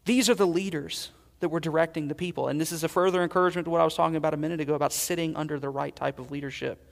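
A man preaching a sermon as pastor, earnest, swelling loud and then dropping to quiet emphasis. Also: on the high side, steady tone, racing, creaky, big-room sound.

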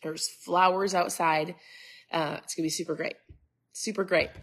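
Woman, middle-aged, from Minnesota, husky voice, lowish pitch, stuffy nose, casual live-stream host, chatty and rambling. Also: fairly even intonation, moderate pace. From Minnesota, USA. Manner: chatty, greets viewers by name, rambling asides.

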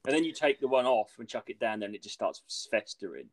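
A man's voice: mid-range voice, expressive, a little fast, a crowd in the background. A man hosting a podcast, telling a rambling anecdote in casual chat, swearing freely and using lots of "like". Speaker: podcast host.

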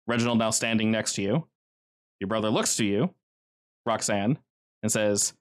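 A man's voice: on the low side, normal speed, pauses often. A man running a tabletop game as game master, telling the scenes in a casual, vivid way with many fillers.

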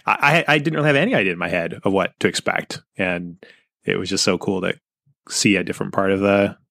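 A man's voice: low-pitched, a little fast, gravelly, pushed and bright, dry recording, clean studio sound. A man from the Pacific Northwest hosting a podcast, easygoing and affable, who stammers a little at the start of his sentences. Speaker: podcast host. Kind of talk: casual interview chat.

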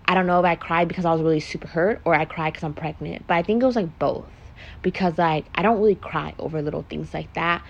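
A woman's voice: lowish voice, fairly bright tone. A young pregnant woman chatting casually and frankly on her podcast, swearing freely and filling her speech with "like". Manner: frank and profane, heavy use of "like". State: pregnant, emotional. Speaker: vlogger doing a makeup podcast. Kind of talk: casual confessional chat.

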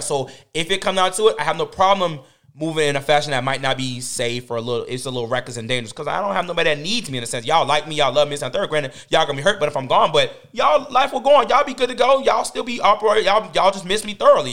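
A man's voice: on the high side, a bit bright. A man in a casual group discussion, telling stories in an emphatic, repetitive, profane way.

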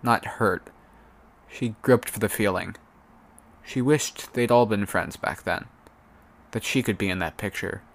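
Man, audiobook narrator, lowish voice, steady reading, fan chapter reading. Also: unhurried, pauses often.

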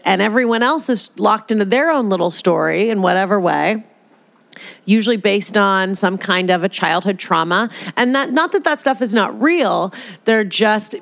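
Profane joking woman in a casual monologue. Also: medium pitch. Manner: slips into mocking voices.

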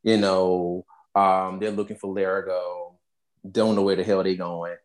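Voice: low-pitched, measured pace. A podcast co-host casually recapping a movie, acting out lines with laughter and swearing freely. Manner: animated, laughing storyteller who acts out quotes; casual cursing.

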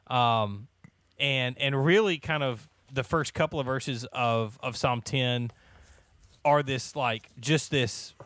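A man's voice: medium pitch, slow pace, fairly bright tone, no room sound. A man in his thirties leading a casual church Bible study, joking and laughing often, with many restarts.

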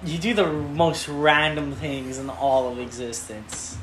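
A young man with a fairly high voice trades blunt, profane banter in a relaxed podcast chat. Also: slow pace, slight background noise. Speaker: podcast co-host. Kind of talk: casual chat.

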